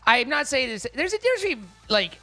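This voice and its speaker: A man's voice: very high-pitched, big pitch swings, fast, pushed and bright, faint music behind. A man streaming live, chatting casually and rambling with many restarts and swear words for emphasis. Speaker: livestreamer.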